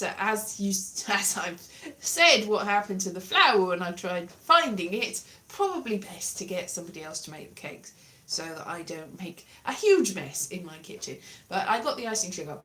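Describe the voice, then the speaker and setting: A female livestreamer with a mid-range, fairly bright voice chats to her live audience. Her talk is casual and rambling, self-deprecating, and keeps wandering off topic.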